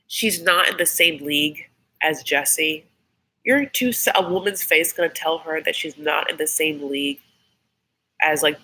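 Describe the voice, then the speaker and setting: A woman's voice: mid-range voice, bright, forceful tone, husky, low-quality recording. A woman hosting a casual live reaction chat, chatty and rambling, who swears freely. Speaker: YouTube host doing a live episode reaction.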